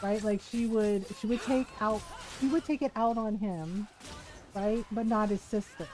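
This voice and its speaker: A woman's voice: mid-range voice, measured pace, rough recording. Chatty woman streamer telling a story. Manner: chatty, animated, quotes people in asides, laughs often. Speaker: game streamer. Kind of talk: casual storytelling chat while gaming.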